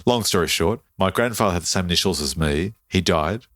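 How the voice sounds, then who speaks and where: A man co-hosting a podcast, chatting casually in a wry, deadpan way with slightly formal phrasing. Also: deep voice, brisk, no room sound, clean studio sound. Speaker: podcast co-host.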